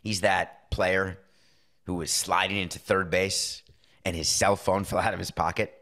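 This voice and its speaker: With a low-pitched, level, slightly bright voice, a middle-aged podcast host delivers a casual sports monologue. He states his opinions freely and acts out quick asides of dialogue.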